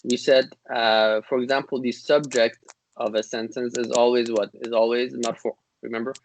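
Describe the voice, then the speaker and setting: A man teaching an online grammar class through a video-call microphone. He explains slowly and patiently, full of ums and restarts as he feels for examples, then rattles off short classical Arabic passages at speed. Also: medium pitch, level tone, creaky, slight background noise, rough recording. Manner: hesitant, many fillers and restarts, explains patiently; recites classical Arabic text in rapid bursts.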